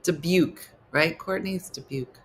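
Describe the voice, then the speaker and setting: This woman's voice is low and fairly bright, moving at a moderate pace. She hosts a casual comedy morning show livestream in a New Jersey accent, reading out viewer comments and ribbing them in mock disgust.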